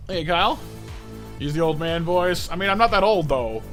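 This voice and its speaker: A man's voice: on the high side, expressive, moderate pace, a bit bright, soft background music. A man in his thirties chatting casually on a live art stream, rambling and stammering with lots of fillers. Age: 30s.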